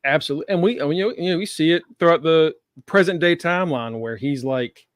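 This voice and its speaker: A man's voice: fairly high pitch, a little fast, no echo, studio quality. A man hosting a casual TV review chat, cursing and laughing often as he talks. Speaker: podcast host.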